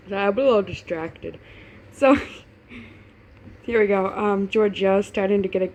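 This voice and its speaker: Eine Frau liest zu Hause Fan-Fiction vor, plaudernd, stolpert über Wörter, mit leichtem Rauschen im Hintergrund. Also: female voice, mid-range voice, slow pace, long pauses, a little mellow, slight background noise. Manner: chatty, laughing asides, stumbles over words. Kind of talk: casual reading aloud with asides.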